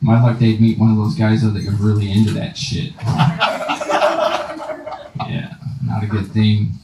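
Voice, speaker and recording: Crude stand-up comic in an echoey club. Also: male voice, lowish voice, completely flat delivery, normal speed, heavy background noise. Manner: crude, swearing punchlines with voiced asides. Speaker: stand-up comedian. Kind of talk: stand-up set. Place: comedy club stage. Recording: echoey club, mic at a distance.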